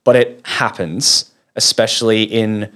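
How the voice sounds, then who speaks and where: A man with an Australian accent, a guest in a casual conversation, talking hesitantly and repeating words. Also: measured pace. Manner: hesitant, repeats words, lively rises in pitch.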